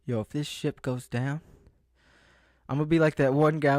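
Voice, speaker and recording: A man's voice: mid-range voice, moderate pace, a little mellow, no room sound, clean studio sound. A young man rambling through a casual vlog monologue, often losing his train of thought and breaking off mid-sentence. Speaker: vlogger.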